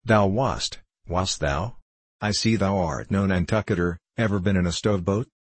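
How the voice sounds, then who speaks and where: A man voicing a gruff, suspicious old Quaker whaling captain in an audiobook, speaking bluntly in old-fashioned thee-and-thou speech. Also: low voice, normal speed, dry recording. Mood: gruff, probing. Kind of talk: audiobook character reading.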